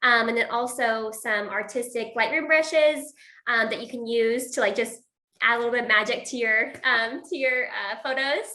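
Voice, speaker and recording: A bright-voiced woman chats casually as a guest, giggling often and scattering "like" through her sentences. Her voice rings in a roomy, echoey space, pitched a little high. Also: normal speed. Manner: chatty, laughs often, many filler "like"s. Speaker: guest photographer. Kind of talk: casual chat.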